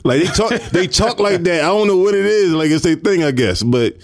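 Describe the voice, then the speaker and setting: Lively laughing man from New York. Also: sits high, fairly quick, dry recording, studio quality. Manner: laughing storyteller, acts out quotes. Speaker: guest recording artist. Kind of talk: casual podcast chat. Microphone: studio mic.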